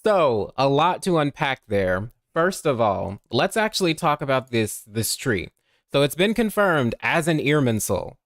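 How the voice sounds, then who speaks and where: A man's voice: mid-range voice, very animated, unhurried, dry recording. Easygoing male streamer with a mid-range voice, chatty, recorded dry on a desk mic. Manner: chatty, greets viewers by name, laughs often. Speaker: game streamer. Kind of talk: casual livestream chat.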